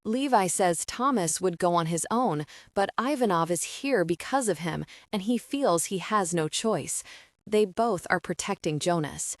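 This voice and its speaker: A woman narrator voicing an anxious young woman who explains things softly and with worry. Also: fairly low pitch, animated, measured pace, no room sound, studio quality. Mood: worried.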